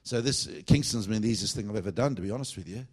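A man preaching a revival sermon, swinging between loud fervent bursts and low confiding asides. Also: fast, breathy edge. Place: church meeting.

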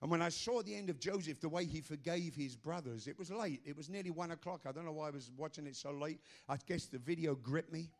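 A middle-aged man preaches with a high, ringing voice. He builds to fervent shouts strung together with drawn-out fillers. At other times he sinks into a quiet, prayerful hush. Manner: dropping to a hushed, prayerful tone. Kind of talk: sermon.

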